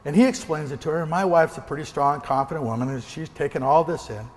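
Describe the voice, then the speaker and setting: A motivational speaker from the American Northwest, a man, telling a lively story during a keynote and acting out gunshots. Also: fairly high pitch, fast talker, long reverb tail. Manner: animated, acts out gunshots and quoted voices. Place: large hall before an audience.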